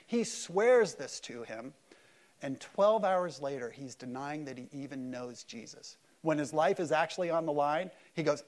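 Man, pastor, Easter sermon, slightly high voice, dramatic loud-to-hushed delivery, church service. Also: animated, normal speed. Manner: dramatic preaching, swings between loud emphasis and hushed lows; acts out quoted voices in prayer-like dialogue.

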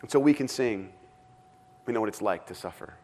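A man preaching a sermon as pastor, dramatic in delivery and often dropping to a hush for emphasis. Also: fairly low pitch, fairly quick. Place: church with several rooms.

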